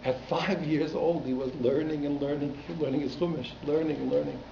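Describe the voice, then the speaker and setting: A rabbi teaching a class at a community synagogue, telling stories animatedly and repeating words for emphasis. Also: male voice, on the high side, steady tone, moderate pace, gravelly, warm tone. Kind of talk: storytelling lecture. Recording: echoey, dull hall recording with faint noise.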